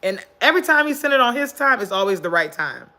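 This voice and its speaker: Woman, live stream host, casual motivational talk, bright sharp voice, earnest, repeats herself, phone mic. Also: a little high, very animated, fast. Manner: earnest, preachy, repeats points for emphasis. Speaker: livestream host. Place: indoors, sitting on the floor.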